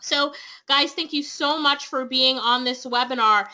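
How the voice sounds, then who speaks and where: A Jamaican woman runs an online class webinar with eager, persuasive energy. Her voice sits high and bright. The sound is dull and lo-fi, like a webinar stream. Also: unhurried. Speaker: online business trainer hosting a webinar. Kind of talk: upbeat sales pitch to webinar attendees.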